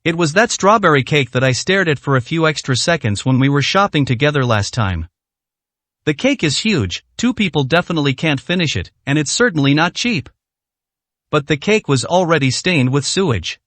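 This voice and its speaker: A man's voice: fairly high pitch, expressive, moderate pace, fairly bright tone, dry recording. A man narrating a translated romance story in a scripted storytelling style.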